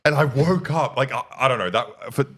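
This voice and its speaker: A man's voice: mid-range voice, fairly quick, pushed and bright. A young man on a casual podcast, telling a story with animation and plenty of swearing. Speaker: co-host.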